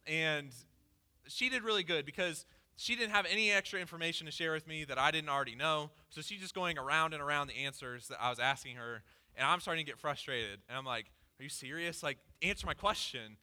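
Man, pastor, casual storytelling sermon, candid, fillers, slightly high voice. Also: brisk, sharp tone. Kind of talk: conversational sermon with a personal story.

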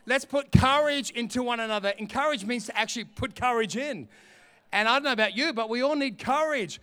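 A man preaching a sermon, animated and humorous, acting out little scenes. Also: extremely high pitch, a little fast, clear, resonant tone. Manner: animated, humorous, acts out quotes. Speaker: pastor.

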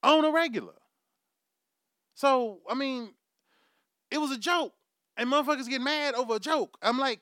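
A man's voice: very high-pitched, moderate pace, a bit bright, no echo, studio quality. A man hosting his own podcast, delivering a profane comic monologue and laughing at his own jokes. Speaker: podcast host.

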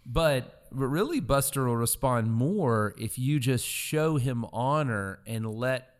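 A man with an ordinary middle-pitched voice chats in a casual faith discussion. He is agreeable and conversational, and his phrasing is loose. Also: expressive, takes it slowly.

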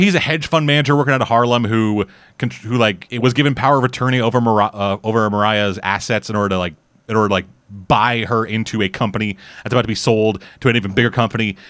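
A man's voice: on the low side, very animated, fast talker, a bit bright, dry recording. A Canadian man casually reviewing a series in rambling, profane chat full of restarts. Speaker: podcast host reviewing a series.

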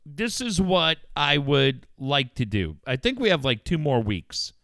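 A middle-aged man hosting a casual radio chat. He gets excited, swears freely and acts out quotes with big jumps in pitch. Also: unhurried, vocal fry, no room sound, studio quality. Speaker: radio show host.

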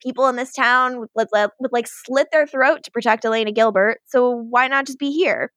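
A woman's voice: a little high, dry recording, clean studio sound. A woman co-hosting a podcast, retelling TV scenes in casual chat and acting out the characters' lines. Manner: animated retelling with quick acted-out quotes. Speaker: podcast co-host.

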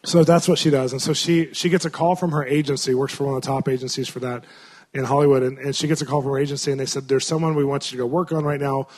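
A man's voice: medium pitch, fairly even intonation, fast, darkish tone. A man preaching in an earnest, conversational way, telling a story to his congregation with many fillers and restarts. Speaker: pastor. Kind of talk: sermon storytelling.

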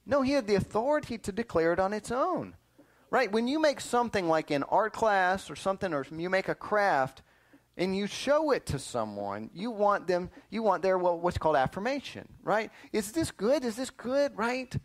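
Animated man teaching kids Bible class. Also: high-pitched, normal speed. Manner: lively, keeps calling for attention, quizzes the kids. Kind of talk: animated Sunday school lesson.

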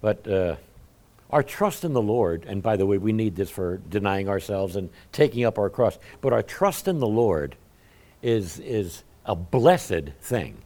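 A man preaching a sermon in a folksy, conversational way, often swinging from quiet asides to loud emphatic lines. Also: fairly low pitch, expressive, measured pace.

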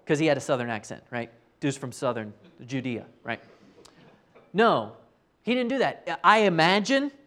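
A man preaching a conversational sermon, telling the story earnestly and often checking in with his listeners by asking "right?". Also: a little high. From United States. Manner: tags many sentences with "right?".

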